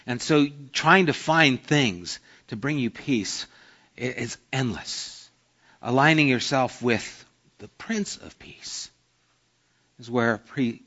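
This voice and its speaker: A man's voice: mid-range voice, fairly bright tone, highs cut off. A man preaching a sermon in an earnest, conversational way, illustrating with everyday stories. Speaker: pastor.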